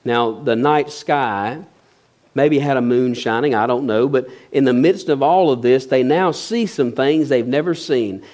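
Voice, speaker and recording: A man's voice: medium pitch, darkish tone. Conversational male pastor preaching. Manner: conversational preaching with rhetorical questions and light laughs. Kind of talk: sermon.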